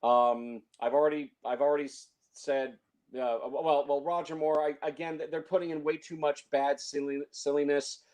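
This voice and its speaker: A man's voice: on the high side, level tone, normal speed, a little mellow. A man reviewing films in casual chat, opinionated, stumbling over restarts and fillers. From San Francisco Bay Area. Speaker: film reviewer.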